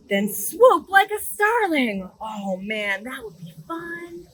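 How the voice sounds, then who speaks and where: A woman's voice: mid-range voice, very animated, takes it slowly, fairly bright tone, low-quality recording. A woman librarian reading a picture book aloud to children in a sing-song storytime voice, outdoors in a garden. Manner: enthusiastic, sing-song, talks directly to children.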